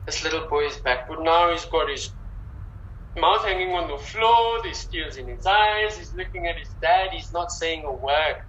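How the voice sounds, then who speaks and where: Bright-voiced woman telling a story. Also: deep voice, moderate pace, reverberant, lo-fi sound, slight background noise. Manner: animated, repeats words. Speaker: guest. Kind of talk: casual storytelling.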